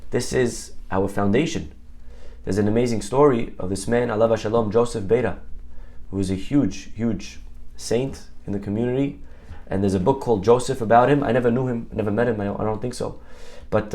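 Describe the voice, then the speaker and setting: A rabbi delivering a sermon in a middle-pitched male voice. He tells stories in a loose, conversational way, breaking off to check details with his listeners. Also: darkish tone. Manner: storytelling, conversational with asides and audience questions.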